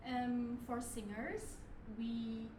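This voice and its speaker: A high-voiced woman coaches a singer slowly and patiently, now and then singing a phrase to demonstrate. Her voice is caught from a distance in a roomy hall, with piano in the background. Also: level tone, noisy background. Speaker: voice teacher leading a masterclass. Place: performance hall.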